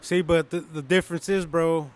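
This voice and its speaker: A man's voice: on the high side, fairly even intonation, normal speed. A man co-hosting a podcast, chatting in a slangy, profane, teasing way. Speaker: podcast co-host. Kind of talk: casual chat.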